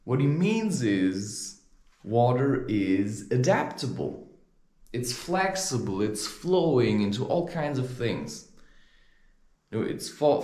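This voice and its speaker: A man's voice: medium pitch, reverberant. A man in a heated, ranting monologue, recounting a confrontation and musing on how he reacts to people. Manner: heated, animated, storytelling. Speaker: spiritual advice vlogger.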